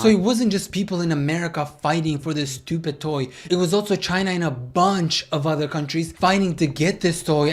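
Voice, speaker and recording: Sarcastic creator reacting to clips. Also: medium pitch. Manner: sarcastic, mocking, quick asides. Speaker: video creator. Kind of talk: casual reaction commentary.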